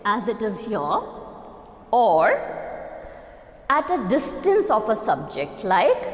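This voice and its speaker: A woman's voice: mid-range voice, big pitch swings, slow, pauses often. A woman with an Indian English accent teaching a grammar lecture, explaining step by step and often checking with "okay?" and "right?". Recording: echoey, reverberant room.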